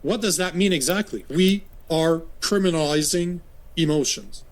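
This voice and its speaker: A man's voice: on the high side, moderate pace. A man commenting critically on a new law, firing off rhetorical questions. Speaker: political commentator.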